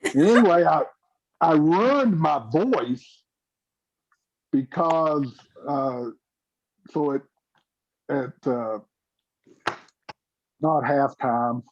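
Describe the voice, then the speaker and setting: Man, chatty storyteller on a video call, slightly high voice, dry dull audio. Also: lively intonation, extremely slow, pauses often. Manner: chatty storyteller, laughs often. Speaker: former cast member. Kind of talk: casual reminiscing on a video call. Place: home, mountain town.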